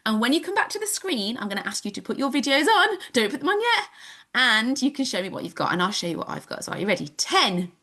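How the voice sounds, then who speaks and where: A woman's voice: a little high, big pitch swings, fast talker, pushed and bright. A woman, teaching an online nature class for children over a video call in a bubbly, sing-song manner. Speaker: home education teacher.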